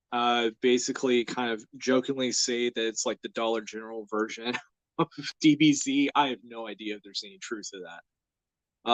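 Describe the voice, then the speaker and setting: An easygoing young man from the United States hosts his live art stream, rambling through casual chat with plenty of "uh"s and the odd chuckle. His voice sits at a middling pitch and is recorded close and dry, with no room sound at all. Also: no echo. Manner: rambling and easygoing, with many fillers and soft laughs. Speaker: host of a live drawing stream.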